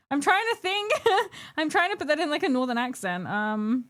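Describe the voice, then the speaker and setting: Woman, high voice, giggly, chatty, self-mocking, casual stream talk. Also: big pitch swings, moderate pace, fairly bright tone. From United Kingdom. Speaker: streamer painting miniatures. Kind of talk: casual live-stream chat.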